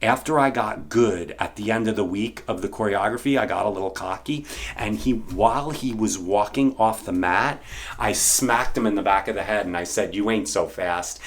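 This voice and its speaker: A middle-aged man, an actor and bartender, telling a casual story in an animated way. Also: on the low side, normal speed. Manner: animated, acts out the people he quotes.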